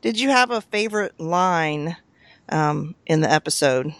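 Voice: medium pitch, animated, measured pace, a bit bright, no room sound. A podcast co-host in a casual chat about a TV episode, working through numbered questions with an easygoing manner and frequent chuckles.

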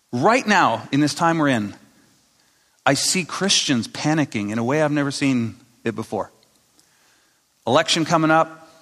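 A man's voice: mid-range voice, a bit bright. A man preaching a sermon to a congregation in a casual, storytelling way, acting out the people in his stories. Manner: conversational storytelling, acting out quotes. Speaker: pastor. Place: church hall. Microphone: speaking to a live congregation. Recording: long reverb of a large hall.

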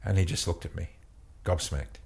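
A man with a very deep voice tells a story from his work as a couples counselor. He speaks in halting bursts, often repeating words before pushing on. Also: creaky, darkish tone. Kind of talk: storytelling in an interview.

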